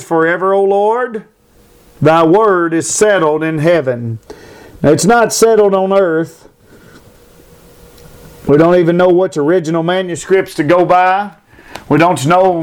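A man's voice: high voice, smooth. A man preaching a sermon, building fervent repeated phrases and reading scripture aloud. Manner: fervent, repetitive emphatic preaching.

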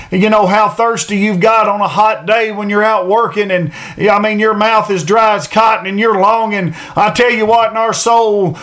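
A man with a notably high voice preaches an earnest sermon. He repeats phrases to drive points home and slows right down to read scripture aloud. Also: fairly bright tone. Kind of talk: sermon on a Bible passage.

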